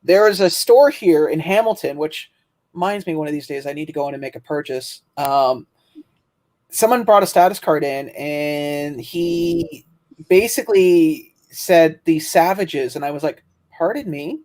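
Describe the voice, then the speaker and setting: A woman's voice: sits low, a little mellow. Chatty Canadian woman co-host. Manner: chatty, laughs, talks in quick bursts. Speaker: livestream co-host. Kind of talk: casual storytelling chat.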